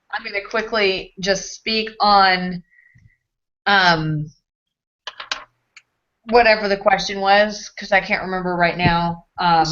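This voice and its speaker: A woman moderating a panel casually, quick and scattered with many fillers. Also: medium pitch, pushed and bright, muffled recording.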